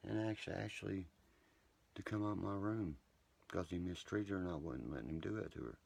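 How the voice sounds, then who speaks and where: Very deep gravelly man, profane. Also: moderate pace, darkish tone. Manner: profane, boastful, rambling and heated. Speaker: livestreamer talking to viewers. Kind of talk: rambling late-night live chat. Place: indoors at home, late at night.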